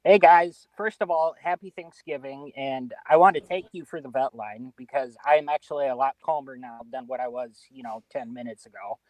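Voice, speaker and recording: A man's voice: medium pitch, a little fast, hardly any pauses, darkish tone, no echo, poor audio. A man calling in to the podcast by phone, hesitant and stammering as he makes his point. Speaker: caller.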